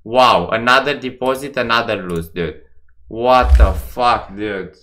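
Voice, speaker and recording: Male streamer, bright forward tone, swearing and exasperated live gambling commentary. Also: mid-range voice, a little slow.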